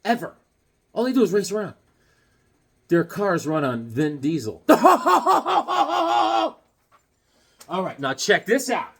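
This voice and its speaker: Animated high-voiced man telling stories. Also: moderate pace, pauses often, slightly rough. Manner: animated, acts out voices and yelps mid-story. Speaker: comic collector vlogger. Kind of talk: casual storytelling while showing comics.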